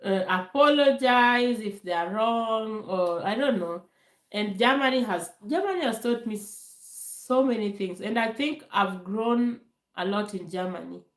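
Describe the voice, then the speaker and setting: Woman vlogger, slow and animated, telling stories in a live Q&A, echoey room. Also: mid-range voice. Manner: chatty, animated, acts out voices in quotes, many fillers. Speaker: vlogger answering viewer questions. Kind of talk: casual live Q&A storytelling.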